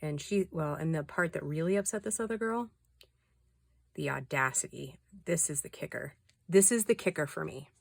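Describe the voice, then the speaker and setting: A woman's voice: sits low, expressive, normal speed, creaky, no echo. A middle-aged woman chatting casually to her viewers while working on a craft, confiding and indignant. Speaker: vlogger.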